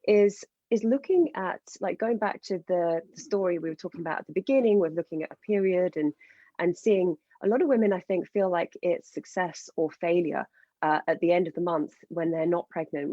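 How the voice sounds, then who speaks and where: Woman coach guest, warm mellow tone, eager and passionate, slightly dull lo-fi recording. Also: lowish voice, no room sound. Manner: passionate, enthusiastic explaining. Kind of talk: podcast interview.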